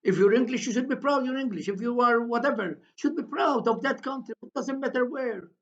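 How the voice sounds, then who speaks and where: An older woman telling a story to her viewers in a slow, deliberate monologue, often repeating her phrases, on a dull lo-fi recording. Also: on the high side. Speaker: commentator.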